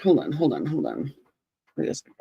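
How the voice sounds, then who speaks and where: A woman's voice: a bass voice, huge pitch swings, brisk, creaky, mellow, breathy edge, no echo, highs cut off. A woman giving a casual tarot reading, joking and sarcastic, swearing and laughing often. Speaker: tarot reader.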